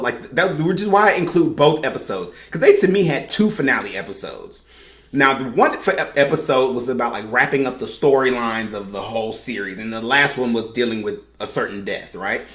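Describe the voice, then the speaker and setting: A woman on a podcast panel, telling her story in an animated, emphatic way in casual chat. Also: rumbling low, reverberant. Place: podcast studio room.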